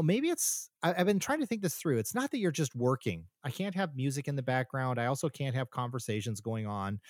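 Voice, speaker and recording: A man's voice: mid-range voice, darkish tone, no echo, clean studio sound. A man co-hosting a podcast from his home office, talking in an upbeat, chatty way with frequent restarts. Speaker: podcast co-host. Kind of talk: casual podcast chat. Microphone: home office computer mic.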